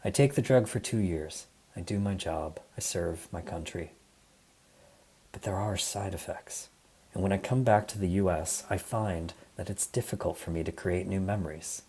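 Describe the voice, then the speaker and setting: Earnest Midwestern American man, low mellow voice. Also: moderate pace, hardly any pauses, slightly rough. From Michigan, USA. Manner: earnest, storytelling, with occasional fillers. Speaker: guest speaker. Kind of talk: prepared conference talk.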